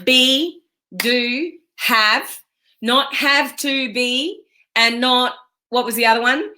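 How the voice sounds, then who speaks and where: An Australian woman giving an energetic, emphatic motivational talk on a live stream, chatting with viewers as a business coach. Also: on the high side.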